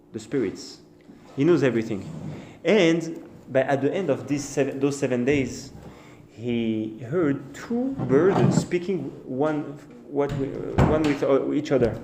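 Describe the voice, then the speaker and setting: Halting rabbi telling a story in an echoey room. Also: male voice, mid-range voice, warm tone. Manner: halting, repeats and restarts phrases; acts out the birds and the king in short quoted bits. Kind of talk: storytelling sermon. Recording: echoey room with faint noise.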